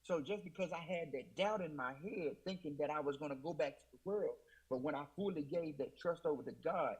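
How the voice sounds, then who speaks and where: A man's voice: on the high side, brisk, slightly rough, rough recording. A man as an interview guest, earnestly retelling a personal testimony with many fillers and restarts.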